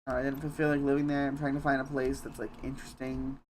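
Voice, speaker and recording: Young man, game streamer, casual chat, halting and self-deprecating, mid-range voice, light background hiss. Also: mid-range voice, completely flat delivery. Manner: rambling, halting, self-deprecating, with mild swearing. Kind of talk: casual live-stream chat while gaming.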